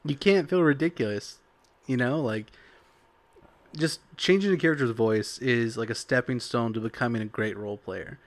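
A young man co-hosts a relaxed tabletop role-playing chat, wandering through his points and leaning on "like" and "you know." His mid-range voice moves at normal speed.

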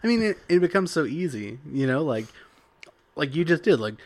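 A man's voice: a little high, big pitch swings, normal speed. A young man co-hosting a casual talk about tabletop role-playing, rambling with lots of fillers. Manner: rambling, full of "like" and "you know". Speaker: podcast co-host.

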